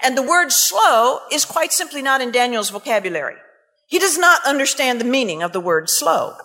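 A woman preacher telling a story in a sermon, animated and dramatic. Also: sits high, moderate pace, long reverb tail.

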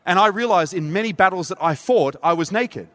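High-voiced male preacher in a hall. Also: brisk. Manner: animated, acts out voices in his story. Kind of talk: storytelling sermon. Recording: reverberant hall.

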